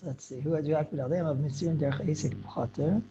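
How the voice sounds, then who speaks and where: A man teaching a Torah class, talking quickly with many restarts and mixing English with Hebrew and Yiddish terms. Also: on the high side, steady tone, dark tone, dull audio, slight background noise. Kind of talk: Torah lecture to students.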